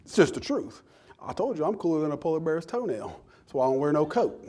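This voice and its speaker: A middle-aged man preaching a sermon in church, conversational and humorous, sometimes shouting when he acts out outbursts. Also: fairly high pitch, quick pace, husky. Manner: animated, rising to shouts in acted outbursts.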